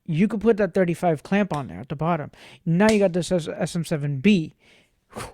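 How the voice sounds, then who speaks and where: A man's voice: high voice, expressive, a little fast, darkish tone, no room sound. A man vlogging casually, playful and jokey, rambling to himself about gear and laughing often, close on a studio microphone.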